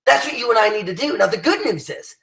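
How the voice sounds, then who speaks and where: A man's voice: high-pitched, lively intonation, fast, vocal fry, a bit bright, echoey room, poor audio. A man giving an emphatic motivational talk to his team, rallying them with many restarts and fillers. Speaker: business leader addressing his team.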